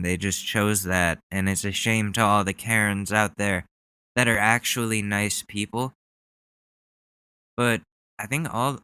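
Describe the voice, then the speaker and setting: A man talks casually as a podcast host. His voice is slightly low, bright and crisp, and he makes irreverent, profane jokes. The sound is dry and close to the mic. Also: dry recording. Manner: loose, irreverent, joking, profane. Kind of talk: casual chat.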